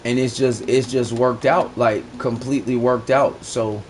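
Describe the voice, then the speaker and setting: A man livestreaming a game, chatting casually in a boastful, profane, slangy way that gets loud when excited. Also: medium pitch, measured pace, slight background noise. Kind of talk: casual live-stream chat.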